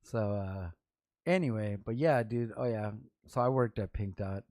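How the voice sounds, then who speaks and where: A man's voice: lowish voice, a little slow, darkish tone, dry recording. A middle-aged man from Los Angeles hosting a vlog, telling rambling, slangy stories with restarts and quoted voices. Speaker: vlog host, rapper. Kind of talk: casual storytelling vlog.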